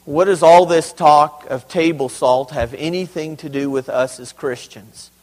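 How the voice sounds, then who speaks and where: High-voiced pastor preaching in a reverberant hall. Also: male voice, unhurried. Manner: emphatic, conversational preaching with asides and humor. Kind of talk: sermon. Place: church sanctuary.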